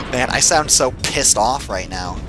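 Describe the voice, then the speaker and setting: A young man giving casual gameplay commentary, excitable and quick to swear and yell when he gets frustrated. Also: medium pitch, slight background noise.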